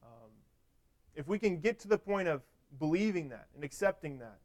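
A man with a somewhat high voice delivers a sermon in an easy, conversational way. He often restarts his sentences and leans on everyday examples to make his point. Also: lively intonation, normal speed, darkish tone. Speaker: preacher.

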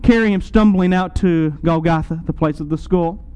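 A man preaching a sermon, retelling a scene dramatically to his listeners and swinging between loud and soft. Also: fairly high pitch, normal speed, smooth, poor audio.

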